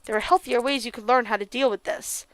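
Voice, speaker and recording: A woman reading the lines of a stern but caring male school nurse, in a calm, measured, lecturing manner. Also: a little high, no echo, pitched below the performer's own voice, natural voice. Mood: gentle. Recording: game music playing behind.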